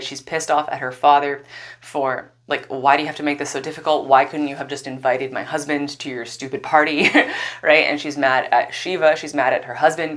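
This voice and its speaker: A woman casually retelling a myth in a chatty, animated way, full of "like" and "right?" asides. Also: extremely low pitch. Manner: animated, swears, many "like" and "right?" asides, laughs often. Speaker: spiritual storyteller.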